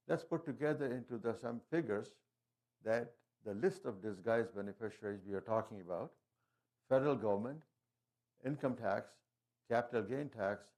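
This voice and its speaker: This is a man presenting on estate planning and wills, his voice on the low side with a darkish tone. As he moves through the slides in a relaxed presentation style, he is halting, often starting over and using fillers, with phrasing that suggests a non-native speaker.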